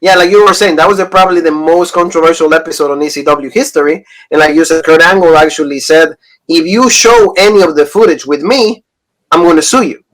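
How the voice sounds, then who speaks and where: Male co-host, 30s, fairly high voice, loose rambling recap style. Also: brisk, fairly bright tone, poor audio. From Pennsylvania. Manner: rambling, retelling stories with quoted lines. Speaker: podcast co-host. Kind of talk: casual review chat.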